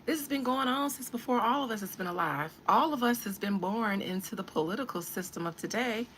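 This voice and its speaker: A woman's voice: on the high side, animated, brisk, a bit bright, a little hiss or hum. A woman hosting a podcast, giving casual commentary in an emphatic, preachy way and talking straight to her listeners. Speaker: podcast host.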